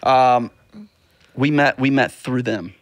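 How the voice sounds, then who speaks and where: A man's voice: medium pitch, slow pace, no echo, studio quality. A middle-aged man hosting a podcast, talking thoughtfully about fatherhood, often repeating words as he starts a thought. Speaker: podcast host. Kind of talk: casual chat.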